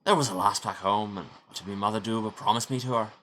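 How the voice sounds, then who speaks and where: A man's voice: fairly low pitch, fairly even intonation, fast, fairly bright tone, slight background noise, lightly acted. A man voicing a gloomy young Scottish doctor in a shaky put-on Scottish accent that slides toward Irish, with a dry, rueful manner. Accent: put-on Scottish drifting toward Irish.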